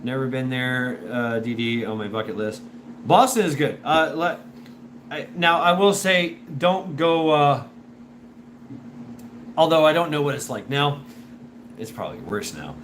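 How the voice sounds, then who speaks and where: Man, casual rambling host, stammers and restarts, average pitch, noisy recording. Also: unhurried, pauses often. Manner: animated when imitating others. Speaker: show host. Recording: noisy background.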